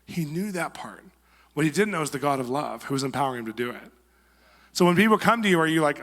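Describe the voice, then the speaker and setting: A man giving a conversational sermon, telling stories and acting out quotes in a lively way. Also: on the high side, fast talker. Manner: conversational, animated storytelling with acted quotes. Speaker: guest preacher. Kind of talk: sermon with storytelling. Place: church sanctuary. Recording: long reverb of a church hall.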